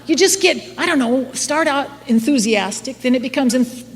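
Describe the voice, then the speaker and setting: A woman's voice: sits high, moderate pace, hardly any pauses. A middle-aged woman giving a candid, self-mocking recovery talk to a live audience, laughing often. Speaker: AA speaker. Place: meeting hall before an audience. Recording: live hall with long reverb, faint noise.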